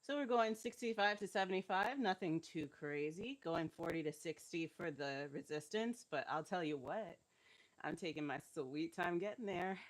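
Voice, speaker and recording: A woman's voice: lowish voice, animated, normal speed. A woman leading a live-streamed workout as fitness instructor, encouraging and laughing often while she is cramping and feeling unwell.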